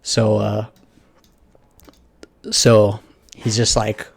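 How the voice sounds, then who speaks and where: A man's voice: on the low side, monotone, extremely slow, creaky. A man giving a casual, rambling anime episode review, full of fillers and offhand swearing.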